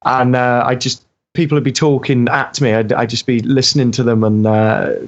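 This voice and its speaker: A man's voice: medium pitch, level tone, moderate pace. A young Welshman with a Welsh accent, chatting as a guest, hesitant and full of ums. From Wales. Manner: hesitant, many ums and uhs. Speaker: guest voice actor. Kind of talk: casual interview chat. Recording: dull lo-fi audio.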